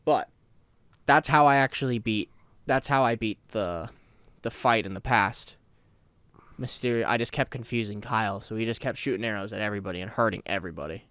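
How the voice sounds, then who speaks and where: Young male co-host, smooth clear voice, dry close sound, laid-back chat. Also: fairly low pitch, a little fast, no echo. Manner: relaxed, restarts sentences. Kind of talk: casual chat about games.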